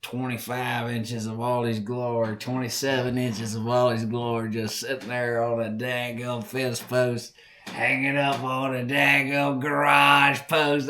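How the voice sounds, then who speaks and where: A man from Southern Virginia with a Southern accent, hosting a podcast and telling hunting stories in a folksy, animated way. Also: medium pitch, measured pace. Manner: folksy, animated, repeats words while telling a story. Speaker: podcast host. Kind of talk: casual storytelling.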